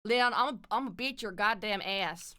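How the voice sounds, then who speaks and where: A woman's voice: medium pitch, moderate pace, sharp tone, smooth. A woman streamer chatting casually on a streaming mic, laughing often and swearing freely. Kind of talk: casual chat. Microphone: streaming mic with compressor.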